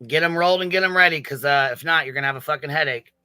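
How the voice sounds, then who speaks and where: A man's voice: a little high, racing, bright, forceful tone, smooth, dry recording, faint music behind. A man giggly profane livestream host. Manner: profane, giggly, thanking chat members. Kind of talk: casual livestream chat.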